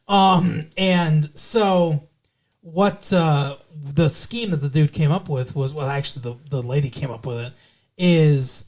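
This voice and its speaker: A man's voice: a little high, a little mellow. Casual swearing man reviewing a movie. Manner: swears freely, retells scenes with quick impressions. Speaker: podcast co-host.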